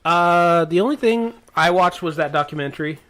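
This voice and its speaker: A man's voice: a little high, moderate pace, fairly bright tone. A man co-hosting a casual podcast, telling stories in a rambling, hesitant way, full of ums and restarts. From Portland area, US. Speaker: podcast co-host. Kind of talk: casual storytelling chat.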